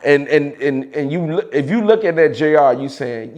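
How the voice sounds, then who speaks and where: A man with a Chicago accent telling a story in a casual, animated way, with slang and loose restarts. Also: a little high, normal speed. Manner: animated, mimics voices of others in quotes, frequent laughs and slang.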